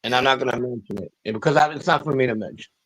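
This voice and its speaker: A man's voice: mid-range voice, racing, fairly bright tone, poor audio. A man on a casual podcast, talking in a profane, rambling street style. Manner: profane, rambling street talk with mocking impressions. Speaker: guest.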